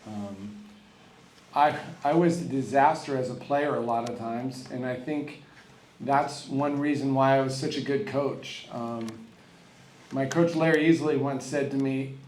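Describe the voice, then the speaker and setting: A man's voice: mid-range voice, unhurried, a little mellow, a little hiss or hum. A middle-aged man giving an acceptance speech as a college tennis coach, telling self-deprecating, candid stories at a podium. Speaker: hall of fame inductee, college tennis coach. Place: large banquet hall. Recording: echoey hall with faint room ambience.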